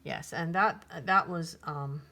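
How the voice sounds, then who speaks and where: A woman's voice: low-pitched, takes it slowly, creaky. A woman teaching piano, patiently counting beats and singing rhythms, with many ums and restarts. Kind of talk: piano tutorial. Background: piano playing.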